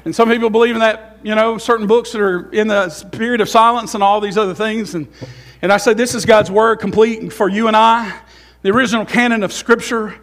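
A middle-aged pastor preaches in a church with a strikingly high, gravelly voice. He is openly emotional and swings from fervent, loud stretches to soft, musing asides. It is a live sermon to his congregation. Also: steady tone, brisk. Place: church sanctuary.

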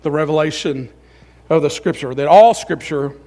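A middle-aged male pastor preaching a sermon in a church, emotional, with swings between loud, fervent passages and quiet, musing asides. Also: a little high, moderate pace. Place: church sanctuary.

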